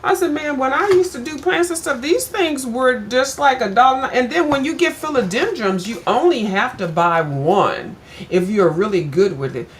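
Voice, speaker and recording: A woman's voice: high voice, normal speed, slight background noise. Chatty older woman telling a story. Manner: chatty, addresses viewers as "girl", animated when retelling. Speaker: vlogger. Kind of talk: casual storytelling chat.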